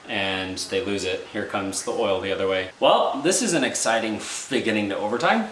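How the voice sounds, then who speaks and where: A man reviewing and reacting live to a hockey game, excitable and exasperated, rambling with restarts. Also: on the low side. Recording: echoey room, faint background noise.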